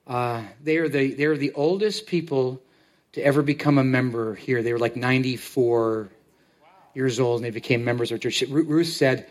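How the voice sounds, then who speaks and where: A man preaching a sermon as pastor to his congregation, talking in a halting way and often repeating words as he tells a story. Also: medium pitch. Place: church sanctuary.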